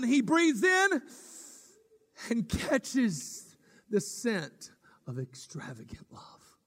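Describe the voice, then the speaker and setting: A man preaching a sermon as pastor, swinging from loud dramatic cries to hushed whispers. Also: extremely high pitch, big pitch swings, drawn-out words, big-room sound.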